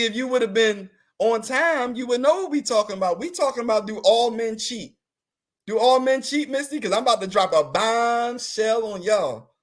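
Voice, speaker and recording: High-voiced playful man, teasing. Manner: playful, teasing, laughs often. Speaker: talk show guest answering live comments. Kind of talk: casual comedic chat.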